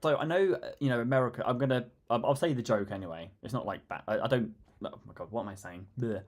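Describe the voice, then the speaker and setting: A man's voice: mid-range voice, fast. Young guy on stream, rambling and jokey, tired, keyboard clicking. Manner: chatty, rambling, jokey, laughs often. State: tired after little sleep. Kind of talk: casual chat with live stream viewers.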